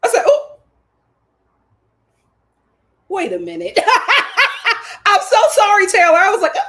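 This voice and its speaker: Animated woman, high and lively, laughs through her reality-show recap. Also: moderate pace, pauses often. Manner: laughing, exclaiming, repeating lines for emphasis.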